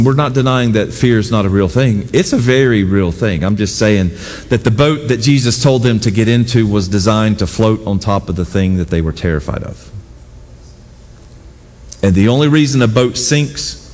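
A man preaching a sermon with animated, emphatic delivery and repeated exhortations. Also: fairly low pitch. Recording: long hall reverb with faint music.

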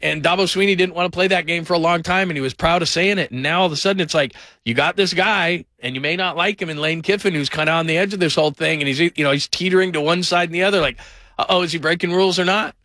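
A man hosting a call-in sports radio show, his voice high and bright. He talks in an animated, rambling run. It sounds close and dry at a studio mic. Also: fast, no echo. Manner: animated, rambling, mimics people in put-on voices.

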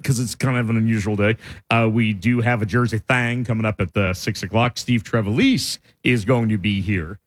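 A man's voice: lowish voice, moderate pace. A man co-hosting a radio show, telling stories in casual banter and often breaking into laughter. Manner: laughing storyteller, animated. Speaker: radio co-host. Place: radio studio.

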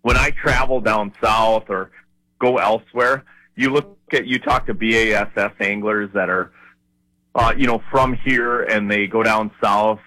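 A man from Minnesota who works as a fishing guide talks animatedly in a casual podcast conversation. His voice sits low but sounds bright and forceful. He tells his stories loosely, with lots of "you know" and "like". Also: unhurried, dry recording, rough recording. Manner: storytelling, animated, lots of fillers.

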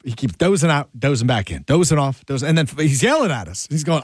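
An animated man recounts a story among friends, his pitch leaping up whenever he acts out what he said. The sound is dry and close, with no room around it. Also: fast, husky, dry recording. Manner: animated, rises sharply when acting out his own lines. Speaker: show regular telling a story. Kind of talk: casual storytelling chat.

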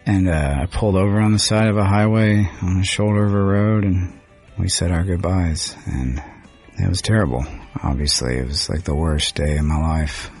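Man, very deep voice, halting emotional storytelling, lots of fillers, faint music behind. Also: a little mellow, slightly rough. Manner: rambling, halting, with many fillers. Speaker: guest singer-songwriter. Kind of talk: emotional radio interview storytelling.

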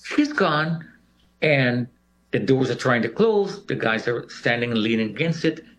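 A man's voice: mid-range voice, a little slow. A man recounting a personal experience, telling the story with animation and acting out the voices of others. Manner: animated storyteller who acts out quoted voices. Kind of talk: personal recollection.

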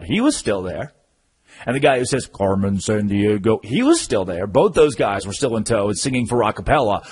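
A male sports radio host talks with a husky edge to his voice. His pitch swings widely as he works through an emphatic, story-driven monologue for listeners. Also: poor audio.

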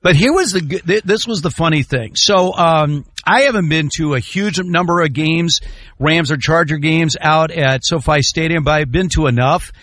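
A male radio host chatting casually about sports, animated and joking, his voice jumping up loudly at times. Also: fairly high pitch, moderate pace, no echo. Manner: animated, jokey, swings to loud exclamations.

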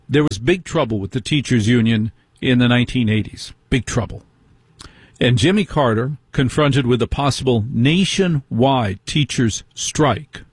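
A man's voice: mid-range voice, slightly rough, dry recording, studio quality. A middle-aged man hosting a call-in talk radio show, indignant and firing off rhetorical questions.

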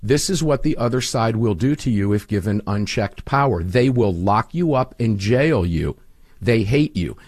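Brief: low-pitched man, emphatic radio storyteller, dry close sound. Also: animated, normal speed, a little mellow, no room sound. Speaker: radio host. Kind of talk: political talk radio interview.

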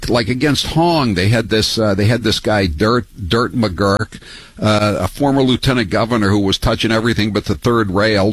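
A man hosting call-in talk radio, opinionated and rambling, his voice jumping high when he gets riled. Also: breathy edge, no room sound. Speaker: radio talk show host.

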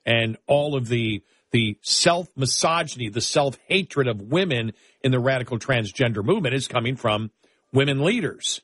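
An older man from New York State, co-hosting a casual chat in an animated, emphatic way. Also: mid-range voice, normal speed, dry recording, clean studio sound. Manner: animated, jumps into exaggerated mocking voices.

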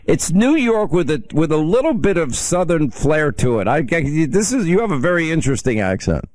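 A man's voice: fairly high pitch, very animated, moderate pace, a little mellow, no echo. A man hosting a call-in radio talk show, chatting and reminiscing with callers. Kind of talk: casual call-in chat.

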